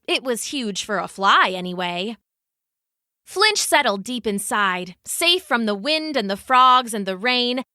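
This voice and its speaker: A woman narrating a children's story in an expressive, animated way. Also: on the high side, no echo, studio quality.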